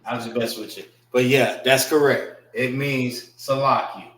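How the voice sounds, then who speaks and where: A man teaching a classroom language lesson in a casual way, repeating and spelling out words slowly. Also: medium pitch, steady tone, a bit bright, echoey room, low-quality recording. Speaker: class instructor.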